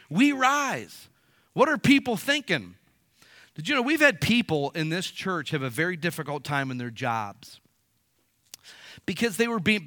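A pastor preaching a sermon, swinging between quiet stretches and loud emphatic peaks. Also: male voice, a little high, dry recording, studio quality.

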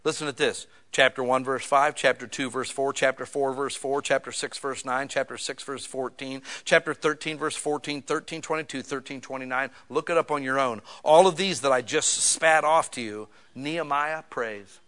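Bright-voiced pastor swinging loud to hushed. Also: male voice, mid-range voice, fairly even intonation, normal speed, hardly any pauses. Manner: conversational preaching that swings from loud emphatic bursts to quiet, intimate asides. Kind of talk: sermon. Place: small church.

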